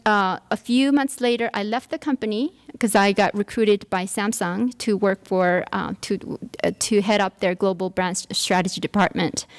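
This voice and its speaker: A woman giving a workshop talk, telling a personal story with many fillers and restarts. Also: medium pitch. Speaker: workshop speaker. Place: lecture room.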